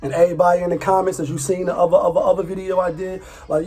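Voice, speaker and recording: Man, high voice, husky tone, casual profane vlog rant. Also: fast, hardly any pauses, dark tone. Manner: loose, profane, repeats himself, laughs often. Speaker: vlogger. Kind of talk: casual commentary.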